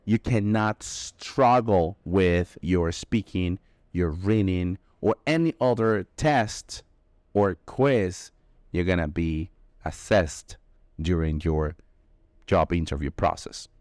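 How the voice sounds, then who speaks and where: A man teaching English vocabulary, explaining slowly and stressing each key word. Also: deep voice, a little mellow, no room sound, clean studio sound. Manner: slow, emphatic explaining with drawn-out key words. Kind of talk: vocabulary lesson.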